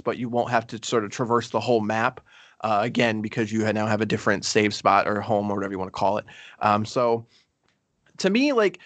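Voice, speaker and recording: A man co-hosts a relaxed game review conversation. He rambles, fills pauses with ums and restarts his sentences often. The sound is dry, with little room around his voice. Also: medium pitch, no room sound. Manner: rambling, many fillers and restarts. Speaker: podcast co-host. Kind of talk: casual game review chat.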